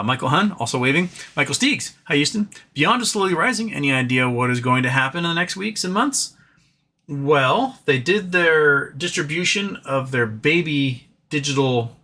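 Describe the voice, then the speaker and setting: A man hosting a live stream, talking fast and loosely, with many fillers and restarts. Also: medium pitch, sharp tone. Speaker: livestream host. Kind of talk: casual live-stream chat.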